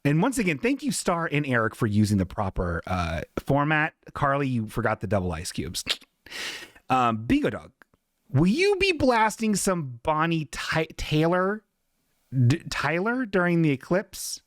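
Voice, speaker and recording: A man hosting a live podcast and reading chat aloud, joking and swearing as he goes. His pitch swings widely and sits a little high for a man. The sound is dry and close to the mic. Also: unhurried, no room sound. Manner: animated, swearing, jokey, puts on silly voices for chatters. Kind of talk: casual live-stream chat.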